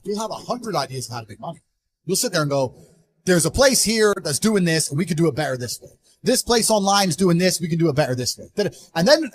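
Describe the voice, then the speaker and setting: A man giving an interview, talking in a blunt, forceful, emphatic way. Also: high voice. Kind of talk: motivational interview talk.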